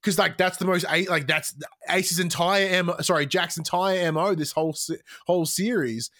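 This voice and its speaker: Podcast host: man, higher register, excitable and animated, swears freely, frequent restarts. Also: normal speed. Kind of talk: casual podcast chat.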